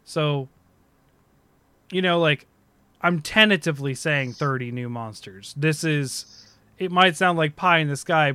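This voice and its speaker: A man co-hosting a casual chat, excitable, speculating at length and laughing loudly. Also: mid-range voice, no echo. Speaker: podcast co-host.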